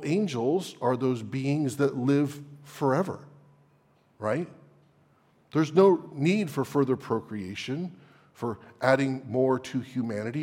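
A man's voice: medium pitch, darkish tone, breathy edge, big-room sound. A man preaching an expository sermon, teaching verse by verse, asking rhetorical questions and stressing key phrases. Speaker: pastor.

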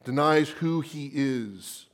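A man preaching a sermon dramatically, at times dropping into a hushed whisper for emphasis. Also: a little high, takes it slowly.

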